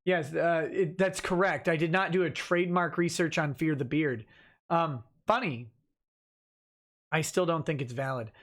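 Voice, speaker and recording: A man's voice: on the high side, normal speed, fairly bright tone. A man hosting a livestream, reading viewer comments aloud and answering them casually with restarts and chuckles. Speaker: livestream host reading chat.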